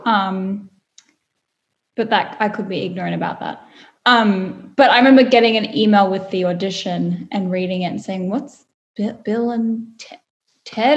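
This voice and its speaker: A young woman, an actress chatting thoughtfully in an interview with many fillers. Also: mid-range voice. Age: young adult. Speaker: actress guest. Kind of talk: casual interview chat. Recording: roomy echo.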